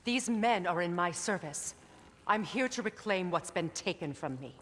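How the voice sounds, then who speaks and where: A commanding goddess. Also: female voice, fairly low pitch, animated, normal speed, fairly bright tone, long reverb tail. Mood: urgent. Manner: commanding, urgent. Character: determined female goddess commander.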